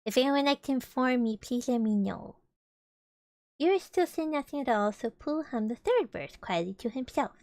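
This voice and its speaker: A woman's voice: high voice, lively intonation, normal speed, darkish tone, dry recording. A woman streamer reading a children's book aloud with chatty, playful asides to her viewers. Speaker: vtuber streamer.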